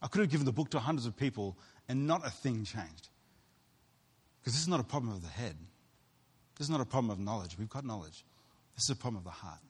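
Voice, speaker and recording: A man's voice: lowish voice, husky. A man preaching a sermon as pastor, earnest and storytelling, acting out what other people said. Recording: long hall reverb.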